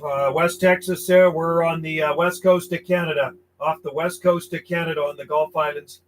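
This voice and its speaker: This CB radio operator has a fairly high-pitched voice, fairly even intonation, and a moderate pace. Working from his home station on an island off western Canada, he trades clipped calls and call signs with far-off contacts and closes with friendly sign-offs, all under heavy radio static.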